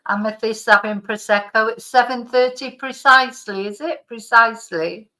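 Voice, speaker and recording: Her voice sits a little high and comes out pushed and bright at a moderate pace. She's a middle-aged woman with a slight lingering cough, hosting a live stream and rambling chattily through viewer comments with frequent restarts and laughter.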